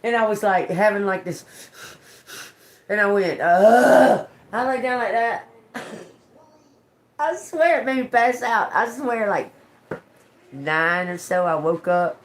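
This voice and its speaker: A tarot reader on a casual home live stream talks into her phone, wandering through a story while cursing and laughing. Her medium-pitched voice has lively intonation and an unhurried pace with long pauses.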